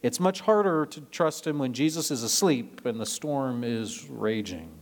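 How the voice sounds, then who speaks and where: A man from Nebraska, a pastor preaching a sermon in a conversational way, mixing scripture with personal anecdotes and lively storytelling. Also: mid-range voice, measured pace. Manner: lively storytelling, rising when retelling drama.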